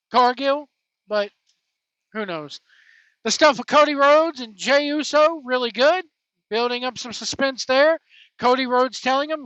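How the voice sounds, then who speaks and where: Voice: medium pitch, fairly bright tone, dry recording. A wrestling show host giving casual, informal commentary with slangy, emphatic phrasing. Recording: dull lo-fi, dry.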